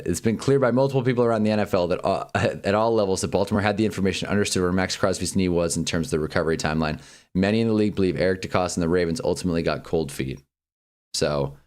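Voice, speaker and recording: A man hosting a live sports stream, ranting heatedly and swearing freely between casual asides. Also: low-pitched. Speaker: streamer host. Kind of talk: livestream sports talk.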